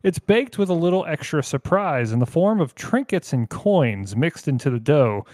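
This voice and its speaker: A man's voice: a little high, big pitch swings, normal speed, darkish tone, no room sound, studio quality. A man hosting a casual food quiz podcast, reading out trivia facts with a jokey tone. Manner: jokey, reads trivia in a light presenter tone. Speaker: quiz host.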